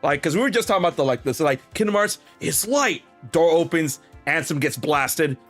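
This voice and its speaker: A young man hosting a podcast, telling a long story in a rambling, animated way with many restarts and quoted dialogue. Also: fairly high pitch, fairly quick, soft background music. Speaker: podcast host. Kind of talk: casual storytelling chat.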